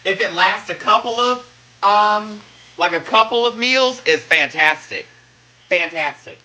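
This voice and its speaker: A high-pitched man with a South Carolina accent and a bright, ringing tone chats away on a cooking live stream. He is sassy and playful, and he stretches out his greetings to viewers in a slow, unhurried drawl. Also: expressive, rough recording. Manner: sassy, playful, drawls greetings, hums little sound effects.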